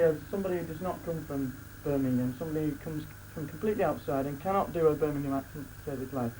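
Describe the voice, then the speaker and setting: A man giving a joking wedding speech as best man, laughing between lines and restarting his sentences. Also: fairly high pitch. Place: wedding reception room. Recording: loud crowd and noise, live reception.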